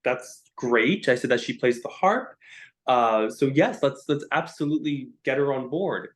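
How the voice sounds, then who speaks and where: A man, a harp teacher and musician, telling stories as a guest in a podcast interview, emotional and halting with frequent restarts. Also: mid-range voice, lively intonation. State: choked up.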